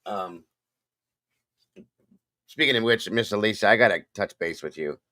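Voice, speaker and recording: A man's voice: fairly low pitch, moderate pace, bright, forceful tone, no room sound. An older man hosting a casual livestream, rambling and greeting viewers one by one by name. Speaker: livestream host.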